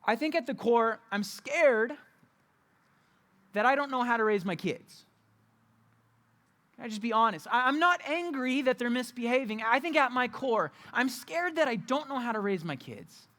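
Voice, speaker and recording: A man's voice: very high-pitched, expressive, normal speed, sharp tone. A young adult man preaching a candid, conversational sermon as a youth pastor, often repeating and restarting his phrases.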